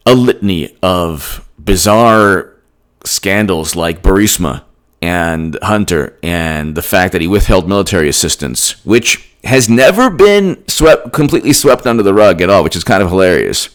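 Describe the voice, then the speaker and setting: A man's voice: low voice, expressive, normal speed. A man giving an emphatic, rambling political commentary on his own channel, with frequent restarts. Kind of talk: solo political commentary vlog.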